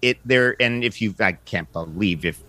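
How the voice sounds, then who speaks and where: Enthusiastic lower-voiced male podcast host. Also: normal speed. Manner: enthusiastic, animated bursts. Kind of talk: casual film discussion.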